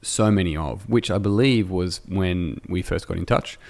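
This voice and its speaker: Deep-voiced Australian man hosting. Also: normal speed, vocal fry, a little mellow. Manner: rambling, self-correcting, joking. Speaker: podcast host. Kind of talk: casual conversational interview.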